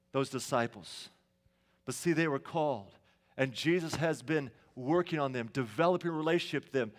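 A middle-aged male pastor preaching a sermon in a church sanctuary, telling stories conversationally and asking the congregation questions. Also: medium pitch.

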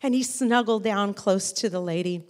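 A woman telling a story to a group of children, animated and asking them questions along the way. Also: mid-range voice, moderate pace, in a large hall.

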